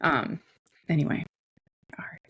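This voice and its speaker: A woman's voice: measured pace, fairly bright tone, whispered. Chatty woman with a Chicago accent. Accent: Chicago Midwestern. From Chicago, US Midwest. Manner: chatty, many fillers and laughs. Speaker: podcast co-host. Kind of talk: casual chat.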